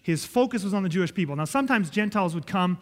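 A man's voice: high voice, lively intonation, quick pace, in a large hall. A man preaching a sermon, emphatic and conversational, often checking in with his listeners. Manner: emphatic, repeats and checks in with "okay?".

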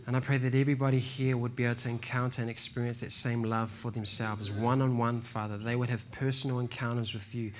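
A man preaching a sermon in a relaxed, slangy way, telling stories and calling listeners "man" and "bro". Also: medium pitch, fast talker, hardly any pauses. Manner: laid-back, slangy, says "man" and "bro". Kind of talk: casual sermon with storytelling.

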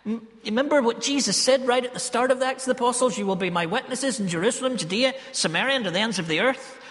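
Northern Irish preacher in an echoing church. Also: male voice, very high voice, fairly bright tone. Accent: Northern Irish, Ballymena. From Northern Ireland. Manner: storytelling, emphatic, drawn-out phrases. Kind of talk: sermon.

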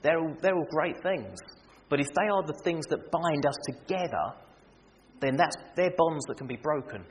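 A man preaching a sermon, animated and humorous, acting out everyday scenes to make his point. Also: on the high side, moderate pace. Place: church. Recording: reverberant church hall with faint noise.

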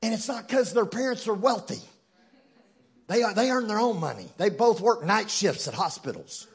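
A man preaching a sermon as a guest preacher in a church, moving from hushed, low passages to loud shouted climaxes with touches of humor. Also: expressive, normal speed, slightly rough. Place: church in front of a congregation.

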